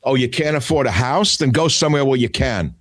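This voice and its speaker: A man's voice: medium pitch, animated, brisk, dry recording. An older man hosting a talk radio show, delivering a combative, scornful solo monologue. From United States.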